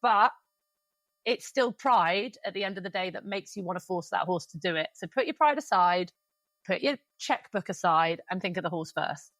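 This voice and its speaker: A woman, hosting a podcast and venting candidly in quick runs, swearing freely. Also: on the low side, expressive, fairly bright tone, no echo. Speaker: podcast host. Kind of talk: casual podcast chat.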